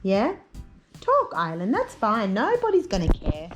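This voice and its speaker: Young mom on a phone cam, talks slow and bouncy, music under it. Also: female voice, medium pitch, huge pitch swings, highs cut off. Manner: coaxing, sing-song talk to a toddler. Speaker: family vlogger, mother. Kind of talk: casual family vlog. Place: outdoors in a park. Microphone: handheld phone camera. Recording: background music over the voice.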